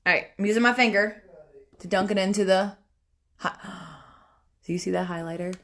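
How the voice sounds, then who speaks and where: A woman's voice: medium pitch, moderate pace, a bit bright. A young woman chatting casually through a makeup tutorial on a phone livestream, talking to viewers and family as she works. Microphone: phone camera.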